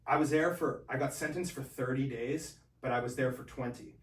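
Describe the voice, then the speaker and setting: A man as a podcast guest, telling his own story in a casual, animated way and acting out the voices of the people in it. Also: medium pitch, normal speed, echoey room, far from the mic. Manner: animated, acts out quoted voices.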